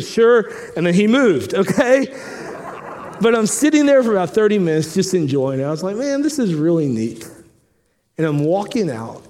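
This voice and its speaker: A man preaching a sermon, telling a story with lively acted-out dialogue, then turning quiet and earnest. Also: fairly high pitch. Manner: animated storytelling, acting out dialogue; drops soft and quiet when earnest. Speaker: pastor. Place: church sanctuary.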